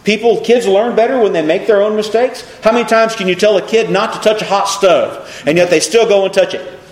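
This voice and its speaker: A man's voice: high voice, fairly quick, echoey room. A man preaching a sermon, reading scripture and asking his listeners rhetorical questions. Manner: animated, asks the congregation rhetorical questions.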